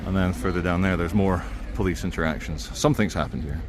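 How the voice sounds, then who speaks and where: A man's voice: low-pitched, fast talker, noisy background. Wry man vlogging on streets. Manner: wry, sardonic asides. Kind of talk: walking vlog commentary. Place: outdoors on city streets.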